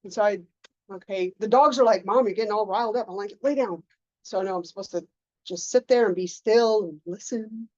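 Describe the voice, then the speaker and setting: A woman coaching a group in a casual lecture, animated, often acting out her own inner voices. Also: mid-range voice, moderate pace, no echo, muffled recording. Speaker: mindset coach.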